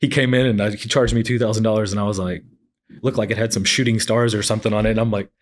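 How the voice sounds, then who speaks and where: A man's voice: fairly low pitch, fairly even intonation, quick pace. A man in his forties, an entrepreneur telling his story in a casual interview and acting out what others said. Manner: storytelling, acts out quotes of others. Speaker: entrepreneur guest.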